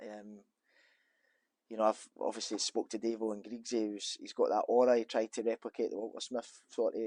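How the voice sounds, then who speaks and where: A man's voice: lowish voice, flat delivery, fairly quick, a little mellow, no room sound. A man, a former footballer being interviewed in an office, talking casually and rambling with many restarts and fillers.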